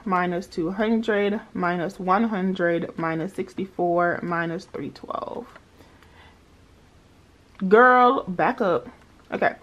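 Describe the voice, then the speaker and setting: Chatty woman talking through her budget. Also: mid-range voice. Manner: chatty, talks to viewers as y'all, child, girl. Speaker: budgeting vlogger. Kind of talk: casual budgeting vlog, talking through calculations.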